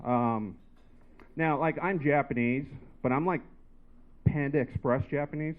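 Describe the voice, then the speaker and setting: A man's voice: medium pitch, measured pace. A man performing a stand-up set in a comedy bar, telling a rambling story full of filler words. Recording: tinny phone-like live recording.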